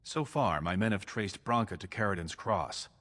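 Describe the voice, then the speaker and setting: A scheming American dwarf prince. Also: male voice, low-pitched, lively intonation, a bit bright. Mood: persuasive. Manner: measured, persuasive. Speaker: game character. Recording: game audio with long reverb.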